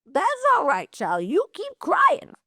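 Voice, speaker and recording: A woman's voice: very high voice, wildly swooping pitch, slow pace, bright, forceful tone, dry recording, studio quality, pitched above the performer's own voice, heavily acted. A woman putting on a toothless old aunt. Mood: wry, blunt. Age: over 60. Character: toothless old aunt, family matriarch, blunt and wise.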